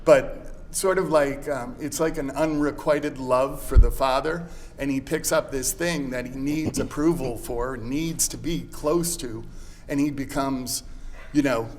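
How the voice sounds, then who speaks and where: A man's voice: medium pitch, steady tone, a little slow, a little mellow. Male actor, earnest and chatty, faint background hum. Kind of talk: interview, reading a letter aloud.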